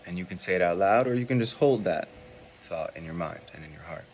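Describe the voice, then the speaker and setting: A man who mentors people in spiritual practice, teaching a calm, deliberate demonstration and repeating short phrases. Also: sits low, slight background noise.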